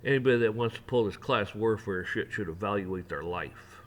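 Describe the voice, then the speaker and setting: A man delivering a heated opinion rant, mocking officials in sarcastic put-on voices and building up to near shouting. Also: fairly low pitch, moderate pace. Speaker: rant channel host.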